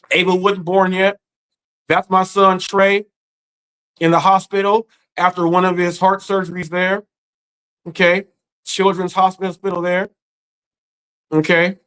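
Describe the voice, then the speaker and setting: A grieving man hosting a live stream, speaking earnestly in a halting way and often repeating his words. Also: sits high, fairly bright tone, low-quality recording. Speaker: live-stream commentary host. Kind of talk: emotional live-stream rant.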